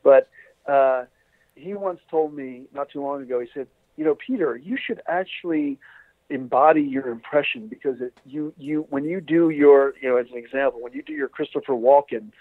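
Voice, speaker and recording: A man's voice: mid-range voice, animated, moderate pace, no room sound. Rambling man on a tinny phone line. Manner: rambling storyteller with many fillers and restarts. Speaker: doctor and interview guest. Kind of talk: casual interview over the phone.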